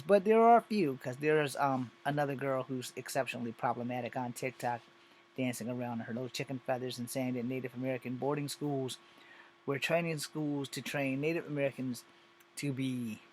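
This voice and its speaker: A man rants with exasperation and heavy swearing, and his sarcasm runs all through it. His pitch sits at an ordinary middle level for a man. A faint noise lingers behind him. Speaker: commentator on social media videos. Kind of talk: profane ranting commentary.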